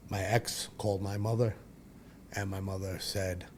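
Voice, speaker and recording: A man's voice: deep voice, little pitch movement, measured pace, slight background noise. A man, telling his own story as a podcast guest in a blunt, profane, rambling way. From Brooklyn, New York. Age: 40s. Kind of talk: candid personal storytelling.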